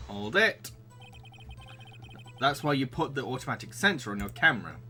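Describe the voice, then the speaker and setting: A man's voice: mid-range voice, sing-song, normal speed, bright, forceful tone, faint music behind. A man reading game dialogue aloud during a playthrough, with playful asides.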